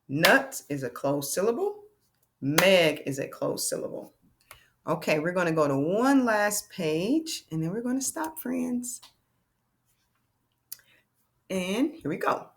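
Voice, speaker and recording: Woman phonics teacher, unhurried, drawn-out sounds, encouraging classroom manner. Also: on the low side, very animated, a bit bright. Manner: slow, sound-stretching, encouraging teacher talk. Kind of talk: phonics lesson for children.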